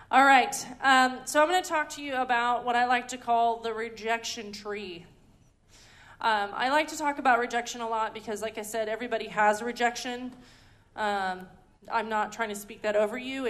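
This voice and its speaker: A woman's voice: a little high, a bit bright. A woman giving a conversational teaching talk at a ministry school, chatty and full of ums and restarts. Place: indoor teaching hall.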